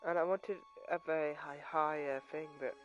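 A man chats his way through a gameplay video, drifting from one topic to the next in a loose, chatty ramble. His voice sits a little higher than most men's. Game music plays clearly underneath him as he talks into his own microphone. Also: steady tone, moderate pace, highs cut off. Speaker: gaming channel host. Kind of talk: casual gameplay commentary.

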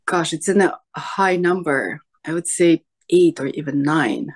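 Slow-talking woman searching for words. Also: sits low. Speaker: session client. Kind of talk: emotional personal sharing.

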